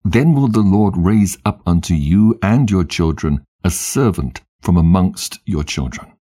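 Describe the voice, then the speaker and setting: A man reading the part of a dying old patriarch blessing his sons, in a solemn, measured way. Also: sits low, lively intonation, mellow. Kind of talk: scripted scripture reading.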